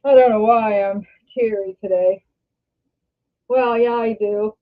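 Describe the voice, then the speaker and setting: An older woman from Canada chats on her livestream in a slow, meandering way, backing up and starting her sentences over. Her voice comes through thin and tinny, like over a phone line. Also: medium pitch, fairly even intonation. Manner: rambling, halting, self-correcting. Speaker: livestream host. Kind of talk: casual livestream chat.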